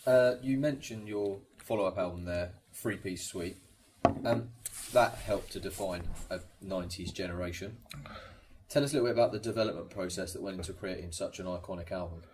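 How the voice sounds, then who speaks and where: A male interviewer asking measured, formal questions about an album. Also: low voice, darkish tone, slight background noise.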